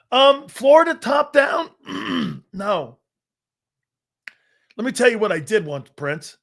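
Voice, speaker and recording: A man's voice: high-pitched, sing-song, unhurried, gravelly, long pauses, a bit bright. A middle-aged man hosting a sports talk show, telling boastful, profane stories in a casual chat and laughing often.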